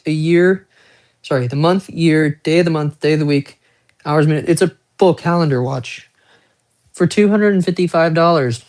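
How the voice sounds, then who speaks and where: A man's voice: a little high, darkish tone. A man who collects watches, talking casually on a live stream in a rambling, profane, self-mocking way, with chatty asides to viewers.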